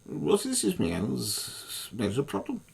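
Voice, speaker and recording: A man's voice: medium pitch, wildly swooping pitch, slow pace, gravelly, darkish tone, slightly rough. A man delivering an angry, swearing monologue as an online commentator, furious and repetitive.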